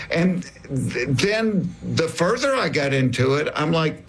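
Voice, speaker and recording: A man from the American South talks in a gravelly, raspy voice pitched a little high, with a thick Southern US accent. He tells folksy stories as a comedian guest and acts out what other people said to him. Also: very animated, measured pace, few pauses. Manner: folksy storyteller, acts out quoted remarks. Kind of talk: casual conversation.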